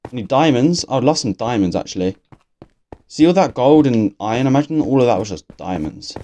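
A young English man giving casual, excitable gameplay commentary from his bedroom, swearing constantly and talking to himself. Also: fairly low pitch, a little hiss or hum. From England. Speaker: gaming youtuber. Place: bedroom at home.

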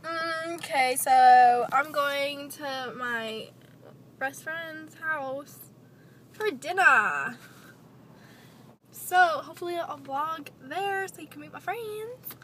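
A woman's voice: high voice, slow, a bit bright. A young woman chatting casually to her phone camera as a vlogger, bubbly and talkative. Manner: bubbly, chatty, switches into a put-on accent. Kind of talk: casual vlog chat. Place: car, then a friend's home indoors. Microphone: handheld phone at arm's length. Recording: noisy phone recording.

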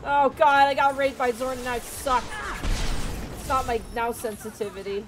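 A woman's voice: high voice, normal speed, background noise. A woman live-streaming a video game, chatting casually and playfully with viewers and friends.

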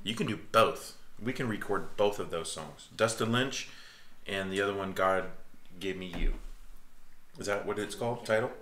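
A man's voice: fairly low pitch, normal speed, a bit bright. A middle-aged man hosting a family live stream, telling jokey stories and reading out viewer comments. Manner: playful, jokey storyteller who reads out viewer comments. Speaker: family vlog host and dad. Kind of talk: casual live-stream chat.

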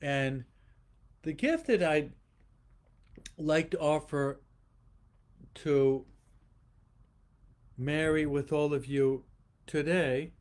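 A man preaching a homily to viewers following online, his voice sitting a little high for a man. He speaks very slowly, repeating rhetorical questions one after another. He often pauses and restarts his sentences as he goes. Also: darkish tone. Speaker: priest. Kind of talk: livestreamed homily.

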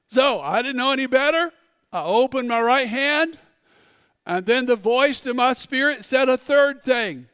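A male pastor preaches a storytelling sermon, dropping into hushed asides before building to loud, dramatic shouts. His voice is high and clear, expressive, and unhurried. He's recorded dry on a close mic in a church sanctuary, yet a long church reverb trails behind his words.

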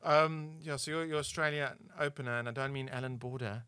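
A man's voice: mid-range voice, fairly even intonation, a little fast, bright, forceful tone, clean tone, dry recording. A South African man co-hosting a podcast, rambling playfully with many fillers. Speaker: podcast co-host. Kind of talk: casual chat.

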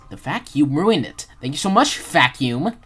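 A woman giving rambling, excitable gameplay commentary as a channel host, with sudden loud outbursts and swearing. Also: low voice, normal speed, slightly rough, soft background music, low-quality recording.

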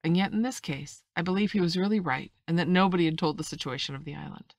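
A woman reading a novel aloud in an even, plain narrating voice. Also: lowish voice, fast talker, no echo. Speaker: audiobook reader.

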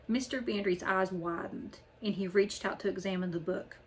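A woman narrating a children's chapter book in a clear, steady storytelling manner. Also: mid-range voice, normal speed, hardly any pauses, poor audio. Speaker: audiobook narrator.

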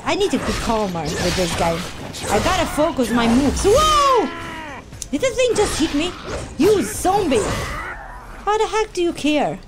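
A woman gaming YouTuber giving loud, excitable let's-play commentary, yelping, laughing and chatting with her viewers. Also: high voice, background noise. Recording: game music playing underneath.

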